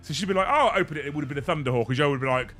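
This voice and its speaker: A man hosting a casual chat, telling an animated story and swearing freely. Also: medium pitch, racing, faint music behind. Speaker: host.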